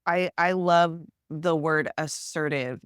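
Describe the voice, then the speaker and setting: A woman speaking as a guest therapist in a casual podcast conversation, frank and animated, acting out everyday examples. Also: low-pitched, slow, clean tone, dry recording, studio quality.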